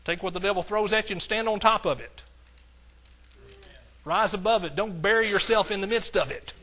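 A man preaching a sermon as pastor, with emphatic lines that swing from soft to hollering. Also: high voice, normal speed.

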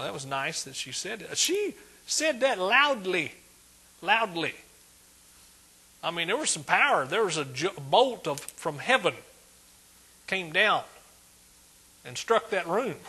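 A man preaching a sermon, emphatic, swinging between loud declarations and hushed asides. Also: high-pitched, very animated, a little slow, long pauses, breathy edge.

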